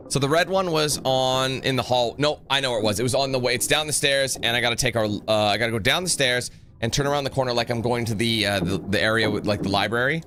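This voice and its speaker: This fast-talking man has a mid-range voice and hosts a gaming channel; he's from North America. Over background noise, he gives loose, joking, rambling commentary on the horror game he's playing, breaking into bits of song and putting on mock voices.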